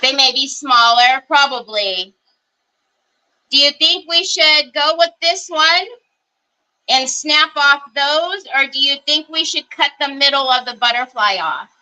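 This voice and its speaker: Bright-voiced woman chatting while crafting. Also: high-pitched, unhurried, poor audio. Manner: chatty, greets viewers by name while working; thinks aloud, asks viewers for advice. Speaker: craft livestream host. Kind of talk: casual live crafting chat.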